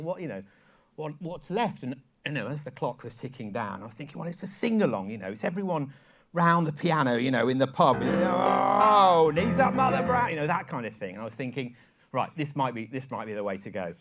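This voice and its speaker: A man with a lively storytelling manner, telling an anecdote on stage to a live audience and leading a sing-along. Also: mid-range voice, quick pace. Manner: lively storyteller, quoting emails in voices. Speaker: songwriter giving a talk. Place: event hall with live audience.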